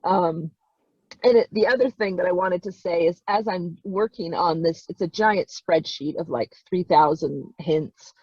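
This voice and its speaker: A woman's voice: on the low side, unhurried, a little mellow, husky, dry recording. A woman volunteer genealogist speaking on a video call, choked up and crying as she gushes and repeats herself. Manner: tearful, gushing, repeats herself. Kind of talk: emotional participant remarks. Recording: dull dry video call audio.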